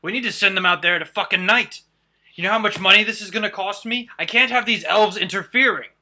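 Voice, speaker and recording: A man voicing a gruff, greedy male dwarf foreman who curses and shouts. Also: high voice, brisk, voice pushed up, full character voice. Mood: furious. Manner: loud and shouting.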